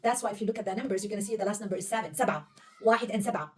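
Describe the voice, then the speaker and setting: A woman's voice: mid-range voice, rapid-fire, a little mellow, far from the mic. A woman teaching a young pupil to read Arabic, patiently quizzing her and praising right answers. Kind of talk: one-on-one reading lesson.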